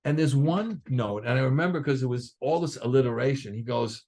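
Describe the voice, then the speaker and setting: Fairly quick and mid-range in voice, an older man, a guest drummer, relates stories in a casual interview. He delivers them with animation, performing the lines of the people involved.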